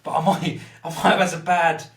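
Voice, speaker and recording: Fast-talking blunt, sweary man. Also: a little high, flat delivery, vocal fry, fairly bright tone. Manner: blunt, sweary, self-mocking. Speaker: podcast guest. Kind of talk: candid conversational storytelling. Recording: roomy, slightly distant mic.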